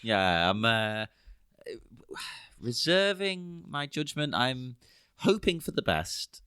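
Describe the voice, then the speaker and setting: A man's voice: mid-range voice, big pitch swings, takes it slowly, sharp tone, smooth, no echo. A man co-hosting a casual podcast chat, wry and understated. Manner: dry, wry, understated humor. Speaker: podcast co-host.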